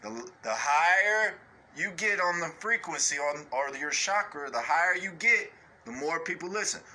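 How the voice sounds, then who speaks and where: A man's voice: animated, normal speed, pushed and bright, slight background noise. A man delivering an unscripted rant in a blunt, profane way, constantly asking "you know what I'm saying". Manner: mocks others in high put-on voices. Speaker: online ranter.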